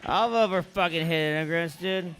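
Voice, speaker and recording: A man calling out loudly and excitedly after a comedy set, away from the microphone. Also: fairly high pitch, moderate pace, soft background music. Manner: loud, excited, repeats "dude".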